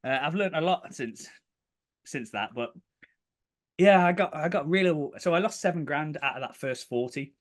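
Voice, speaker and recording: A man, a guest on a podcast, telling his story in a casual, animated way and acting out the quotes. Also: normal speed. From United Kingdom. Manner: animated, acts out quotes in bursts of higher pitch. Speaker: podcast guest, property developer.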